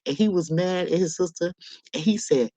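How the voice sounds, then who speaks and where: A woman's voice: on the low side, normal speed, warm tone, no echo. A middle-aged woman hosting a casual livestream from home on her laptop, telling stories to her viewers in a chatty, salty way. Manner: chatty storyteller, swears, addresses viewers. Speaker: livestream host. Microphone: laptop microphone. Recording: dull lo-fi laptop audio.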